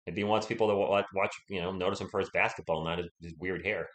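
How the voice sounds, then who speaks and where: Coughing man calling play-by-play, low voice. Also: fast talker, a bit bright. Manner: chatty, reads viewer chat between plays. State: coughing, sore throat. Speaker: live stream play-by-play host. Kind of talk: casual play-by-play commentary.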